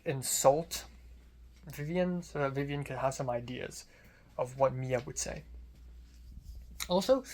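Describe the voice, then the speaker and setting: A young adult student filmmaker telling a casual vlog story in a rambling way, full of fillers and restarts. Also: medium pitch.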